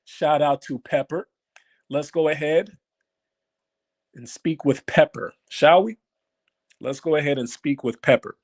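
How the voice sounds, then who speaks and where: Give me a mocking, animated male live-stream host. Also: a little high, measured pace, long pauses. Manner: animated, mocking, repeats lines for emphasis.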